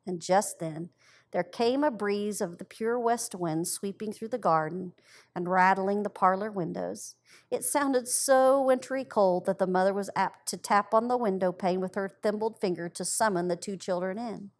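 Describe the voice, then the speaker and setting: Woman storyteller reading aloud, gentle and expressive, middle pitch. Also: normal speed. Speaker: library storyteller.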